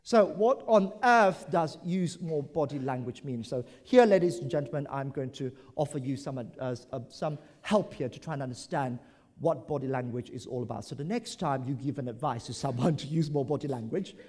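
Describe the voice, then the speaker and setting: A man from Brunei giving an animated conference talk, acting out examples as he goes. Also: mid-range voice, moderate pace. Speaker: conference speaker. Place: large conference hall. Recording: echoey conference hall.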